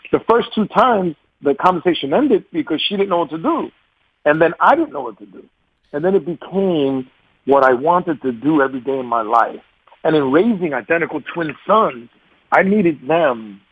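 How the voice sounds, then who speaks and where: A man in his forties, a guest telling stories in a casual interview, animated, laughing often, and repeating words as he starts sentences. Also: a little high, breathy edge, no room sound, phone-quality sound. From New York.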